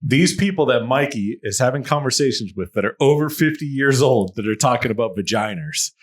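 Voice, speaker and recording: A man's voice: mid-range voice, fairly quick. A man co-hosting a podcast, telling stories in casual chat, mimicking people and giggling. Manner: animated, mimics voices, swears, giggles. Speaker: podcast co-host.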